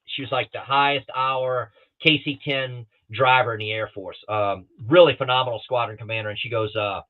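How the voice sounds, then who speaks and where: A middle-aged man from the Southeastern United States speaks over a thin, boxy call line that sounds like a telephone. He is a guest pilot recounting his flying days in a podcast interview at a medium pitch. He tells it animatedly and slips into the voices of the people in his stories. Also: moderate pace. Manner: lively storyteller who acts out other people's lines. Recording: thin phone-like remote call audio.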